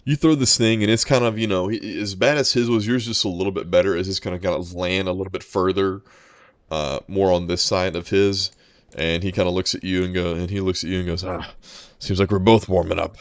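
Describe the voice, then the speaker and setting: A man's voice: low voice, fairly even intonation, fairly quick, clear, resonant tone, dry recording. A man narrating as game master in a tabletop game, rambling and descriptive. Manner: rambling, descriptive, many restarts.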